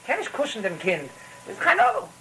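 A man's voice: extremely high pitch, huge pitch swings, moderate pace, gravelly, bright, forceful tone, slight background noise, poor audio. A man with giving a rambling, storytelling Torah talk, full of restarts and phrases. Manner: rambling, repetitive restarts, mixes in Yiddish phrases.

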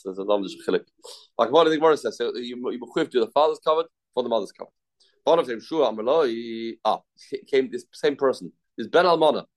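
A man giving a Talmud class. He reads each passage aloud, then explains it in a conversational way. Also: medium pitch. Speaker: Talmud teacher.

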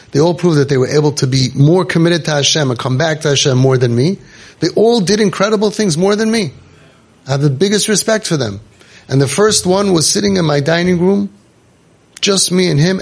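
A middle-aged man who founded a youth program gives an emphatic inspirational talk built on storytelling, acting out the voices of the people he quotes. His voice is a little high, with a creaky, breathy edge.

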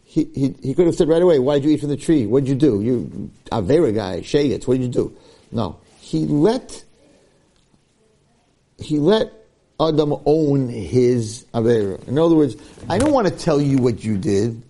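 A man's voice: expressive, normal speed, dark tone. A man, a rabbi giving a Torah class, who acts out quoted dialogue, mixes in Hebrew and Yiddish terms and often repeats words as he restarts. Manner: acts out quoted dialogue with sudden jumps in pitch; peppers his talk with Hebrew and Yiddish terms. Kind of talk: animated Torah lecture.

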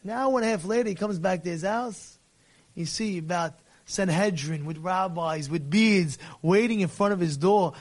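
A man preaching a fiery sermon in a strikingly high voice. He scolds with rapid rhetorical questions and acts out little dialogues, slipping Hebrew and Yiddish words into his English. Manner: mixes Hebrew and Yiddish religious terms into English. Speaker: rabbi.

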